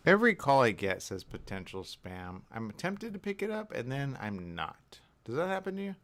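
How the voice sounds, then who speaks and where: A man hosting a casual radio morning show, animated and jokey, with big jumps in pitch for emphasis. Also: moderate pace. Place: radio studio.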